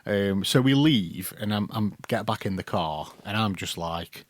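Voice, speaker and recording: A man's voice: on the low side, lively intonation, unhurried, no room sound. A man from the telling a long story in casual chat as a podcast co-host, rambling with lots of ums, restarts and swearing. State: concussed.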